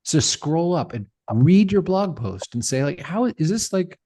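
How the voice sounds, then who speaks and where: A man's voice: fairly high pitch, sing-song, a little slow, mellow. A middle-aged man speaking as a podcast guest, talking passionately and emphatically with rhetorical questions. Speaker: podcast guest, tech founder. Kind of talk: animated interview talk.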